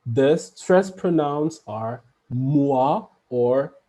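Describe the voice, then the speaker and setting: A man's voice: medium pitch, animated, drawn-out words, dark tone. A man teaching a French lesson online, patiently repeating each example sentence and explaining it step by step.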